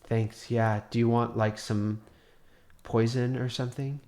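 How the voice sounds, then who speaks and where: A man's voice: mid-range voice, unhurried, close to an everyday voice. A man doing a sullen, grudging young woman. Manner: flat, dismissive mutter.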